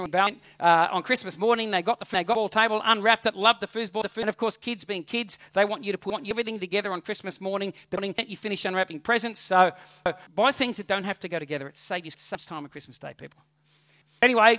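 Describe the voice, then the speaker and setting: A male pastor, preaching a sermon with animated, humorous storytelling. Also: sits high, no echo.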